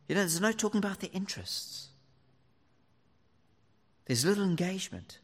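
A man preaching a sermon to fathers, earnest and lively, sometimes dropping almost to a whisper for emphasis. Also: sits high, normal speed, pauses often, slightly rough, long reverb tail.

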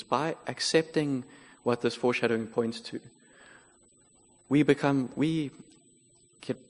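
A man preaching a sermon, explaining scripture in a measured, earnest way. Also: medium pitch. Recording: long hall reverb.

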